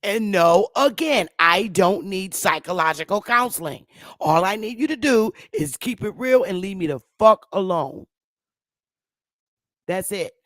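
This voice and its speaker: A woman's voice: medium pitch, expressive, normal speed, no echo, clean studio sound. A woman talking straight to the camera in a casual monologue, blunt, heavy on profanity and emphatic. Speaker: online commentator.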